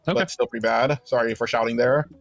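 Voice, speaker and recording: A man's voice: mid-range voice, a little fast, vocal fry, faint music behind. A man on a recorded call defending himself, hedging with fillers. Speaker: interview guest. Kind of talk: defensive conversation.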